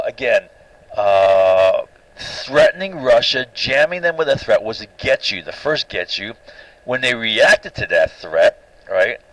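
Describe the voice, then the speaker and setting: A man's voice: mid-range voice, fairly bright tone, rough recording. Opinionated man lecturing over slides. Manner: opinionated, repeats "right?" and restarts often.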